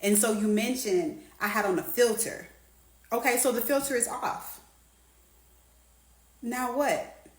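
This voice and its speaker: A woman's voice: fairly high pitch, unhurried, long pauses, reverberant, rough recording. A woman giving a heated, defiant monologue with an indignant edge. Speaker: social media commenter.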